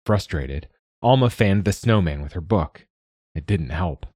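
A man narrating a children's story in a measured, gentle reading. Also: deep voice, expressive, no echo, studio quality.

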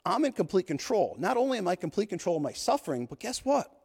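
Male podcast host, 30s, intense and profane motivational delivery, slightly high voice, reverberant hall sound. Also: sing-song, fast talker, gravelly, a little mellow, slightly rough. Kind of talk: motivational monologue.

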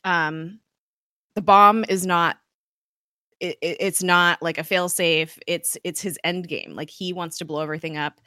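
A woman casually recapping a TV episode in a chatty, rambling way, full of fillers and quick laughs. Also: fairly low pitch, steady tone, pushed and bright, clean tone, no echo, clean studio sound. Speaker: podcast host recapping a TV episode.

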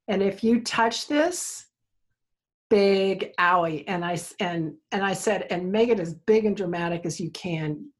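A woman therapist, a guest in an interview, telling stories lively and acting out the lines she quotes. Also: lowish voice, breathy edge. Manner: animated storyteller, acts out quoted dialogue. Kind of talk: conversational interview, storytelling.

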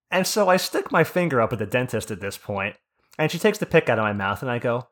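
A man's voice: on the high side, moderate pace. A man from New Jersey telling a story in casual podcast chat, swearing freely and acting out the people he quotes. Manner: animated, profane, acts out quotes. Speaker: podcast host.

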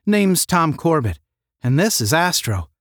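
A man's voice: on the high side, very animated, a little slow, dry recording, clean studio sound, voice pushed up. A man voicing an earnest young cadet hero in a space-academy story.

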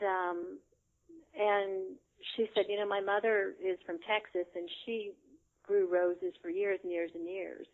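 A woman guest telling a story in casual chat, chatty, with frequent laughter and many fillers. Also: medium pitch. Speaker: interview guest. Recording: tinny phone line.

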